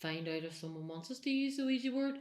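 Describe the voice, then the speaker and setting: A woman on a ghost hunt, talking in a hushed, nervous way in an old castle room at night. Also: fairly high pitch, expressive, fast. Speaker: paranormal investigator. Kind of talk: casual ghost-hunt chat.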